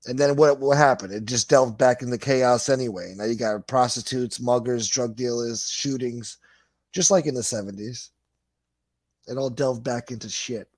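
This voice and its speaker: New guy ranting on his livestream, swears a lot, mid-pitched voice, dry sound. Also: moderate pace, no echo. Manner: blunt, profane, rambling. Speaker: livestream host. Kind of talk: casual livestream chat.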